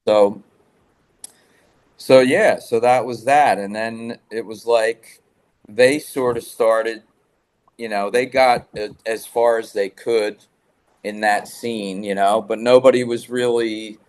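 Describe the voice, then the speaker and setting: A man's voice: lowish voice, fairly even intonation, slow, a little mellow. A man guest telling rambling rock-scene stories in a casual interview, swearing freely. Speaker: guest musician.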